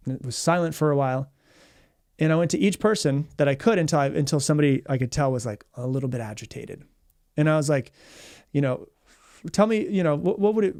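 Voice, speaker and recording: This podcast host, a mindset coach with a voice a little on the high side, tells his story quickly and energetically, often repeating himself and acting out what others said. The recording is studio quality and free of echo.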